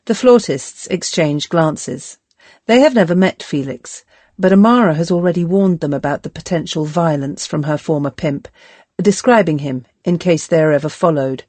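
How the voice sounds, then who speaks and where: A woman reading an audiobook in a measured, steady scripted narration. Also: low voice, dry recording.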